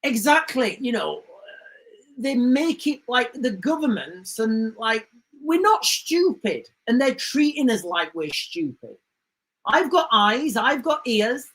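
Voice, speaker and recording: A woman's voice: mid-range voice, fairly bright tone, low-quality recording. A woman hosting a livestream, talking in an indignant, rambling way and often repeating herself. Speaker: livestream host. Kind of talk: casual livestream commentary.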